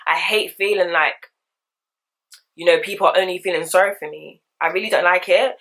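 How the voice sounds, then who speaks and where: A woman, chatting candidly in slangy, animated talk for a get-ready-with-me vlog. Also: on the low side, fairly quick. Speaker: vlogger. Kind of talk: casual get-ready-with-me chat.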